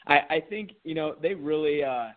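A man's voice: on the high side, moderate pace. A man, a guest analyst on a casual podcast, talking conversationally with plenty of fillers. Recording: phone-like narrow sound.

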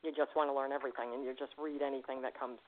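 A woman hosting a radio show, chatting with a caller and telling stories in a lively way, laughing often. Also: a bass voice. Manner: fast, animated storytelling, laughs often. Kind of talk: casual radio interview chat. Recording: tinny phone line.

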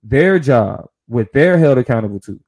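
Podcast guy, warm mellow voice, thinks out loud, restarts a lot. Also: mid-range voice, lively intonation, normal speed. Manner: thoughtful, restarts phrases while explaining. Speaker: podcast co-host. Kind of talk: casual podcast discussion.

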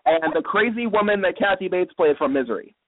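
A man's voice: high-pitched, lively intonation, fairly quick. A man with a slightly raised voice casually recaps an episode as a podcast host. He rambles and leans on "you know" between thoughts. The sound is thin and phone-like. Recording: tinny phone-like line.

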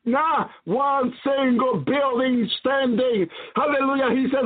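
A man with a strikingly high voice preaches a fervent sermon. He repeats his calls again and again and fills the gaps with hallelujahs. The sound is thin and tinny, like a phone line. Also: steady tone, slow, few pauses. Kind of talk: prophetic sermon.

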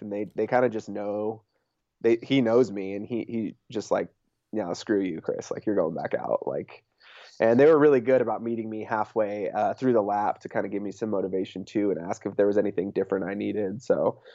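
A man's voice: on the low side, mellow, no room sound, highs cut off. A young man, a race champion, talking casually in an interview and leaning on fillers like "like" and "you know". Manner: laid-back, many fillers like "like" and "you know".

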